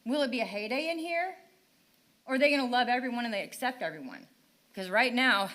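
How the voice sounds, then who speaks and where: A woman's voice: on the high side, animated, fairly quick, sharp tone. A middle-aged woman making an impassioned, frustrated public comment at a town council meeting, pleading with rhetorical questions. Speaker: parent speaking at public comment.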